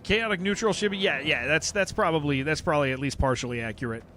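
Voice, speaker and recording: Speaking fast in a pushed, bright voice on the high side, a man streams an online game with faint music behind him. His talk to viewers is casual and meandering, full of repetition and replies to chat.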